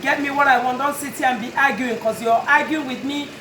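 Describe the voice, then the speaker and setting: This direct-to-camera message comes from a woman who runs a notary and tag and title business, talking to her customers. Her high-pitched voice keeps a fairly even intonation and moves a little fast, pleading earnestly but firmly. Echo and background noise fill the recording.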